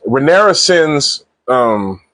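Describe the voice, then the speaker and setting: A man casually recapping and reviewing a TV episode in slangy, animated speech, acting out the characters' lines. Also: on the high side, gravelly, dry recording. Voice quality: animated slangy retelling with acted-out quotes. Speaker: TV show reviewer.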